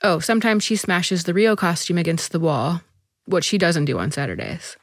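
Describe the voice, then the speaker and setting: A woman reading a short story aloud as narrator, measured and even. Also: on the low side, no room sound, clean studio sound.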